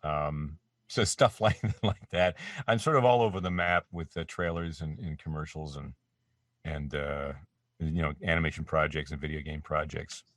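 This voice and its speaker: A man's voice: a bass voice, steady tone, normal speed, fairly bright tone, dry recording. A Canadian voice actor chatting as an interview guest from his home studio, rambling and self-deprecating, with plenty of restarts. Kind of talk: casual interview chat. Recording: dry, slightly distant mic.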